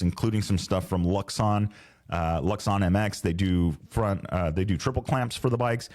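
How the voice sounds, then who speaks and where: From a home podcast studio, a low-voiced Southern California man hosts a casual solo show, rambling and self-correcting in laid-back slang. His tone is darkish.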